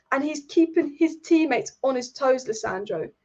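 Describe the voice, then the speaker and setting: A woman's voice: high-pitched, animated, normal speed, mellow, lo-fi sound. A woman hosting a football livestream from her room, talking bluntly, swearing freely and repeating herself. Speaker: football channel host. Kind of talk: casual livestream chat.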